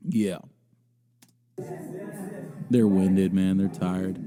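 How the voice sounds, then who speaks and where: With a fairly low pitch, a dark tone, and a measured pace, a young man hosts a podcast. The comedy is casual: a crude anecdote, riffs on a video, plenty of self-mockery, and lots of laughter.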